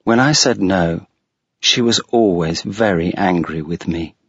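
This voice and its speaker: A man reading a story aloud in a slow, careful, scripted narration for learners. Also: sits low, no echo. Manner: slow, clear graded-reader delivery. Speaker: audiobook reader. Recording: dull, lo-fi sound.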